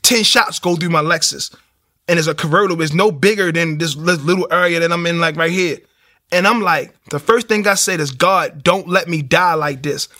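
A man telling his personal testimony in an animated street style, acting out the voices. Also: a little high, fairly quick. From Baltimore, USA. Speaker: speaker giving a testimony.

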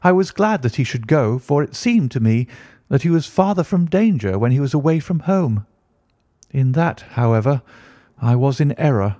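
A man reading a classic story aloud in steady, even scripted narration. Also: mid-range voice, normal speed, no echo, studio quality. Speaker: audiobook narrator.

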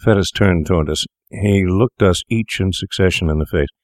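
A man narrating an old tale in a very low, deep voice, with a measured, unhurried storytelling delivery. The sound is close and dry, with no room around it. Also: no echo. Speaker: audiobook narrator. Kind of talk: scripted narration of a classic tale.

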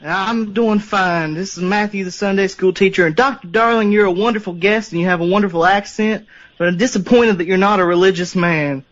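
A man's voice: sits high, brisk, fairly bright tone. A man calling in to a radio show to preach his disapproval, pointed and stern. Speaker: caller. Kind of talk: call-in comment. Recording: muffled phone-in audio.

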